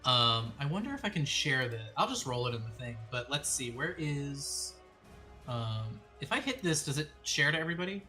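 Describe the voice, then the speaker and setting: Male game master, sharp bright voice, laid-back, curses freely, lots of ums. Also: medium pitch, very animated, normal speed, faint music behind. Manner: casual, swears a lot, many ums. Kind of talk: running a tabletop game over voice chat.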